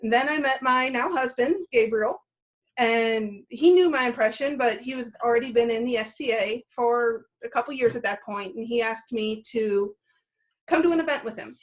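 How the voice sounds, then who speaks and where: Woman in her thirties, interview guest, easygoing, voice a bit high, hesitates often. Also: normal speed. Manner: easygoing, with frequent "uh" and "um". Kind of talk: casual interview.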